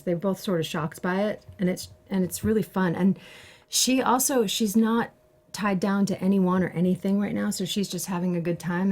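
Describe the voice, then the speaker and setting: A woman's voice: fairly low pitch, darkish tone. Playful laughing woman guest. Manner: playful, self-deprecating, laughs often. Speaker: guest actress. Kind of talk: casual chat.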